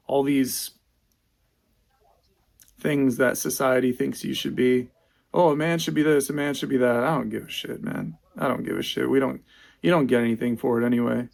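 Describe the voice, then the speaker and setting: Young man venting in a clip, gravelly voice, halting and bitter. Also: medium pitch. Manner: frustrated, halting, repeats himself.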